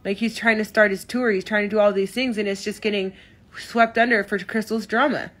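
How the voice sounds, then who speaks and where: A woman's voice: mid-range voice, fairly even intonation, brisk. A woman in her thirties venting on a phone livestream, emotional, hurt and defensive, with many restarts. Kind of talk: upset livestream rant. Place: in her car.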